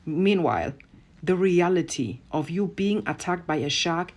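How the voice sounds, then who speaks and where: A woman rants to camera in a husky, lowish voice. She is blunt and profane, leaning hard on each point with emphatic repetition. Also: expressive, unhurried. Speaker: online commentator. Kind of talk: impassioned rant to camera.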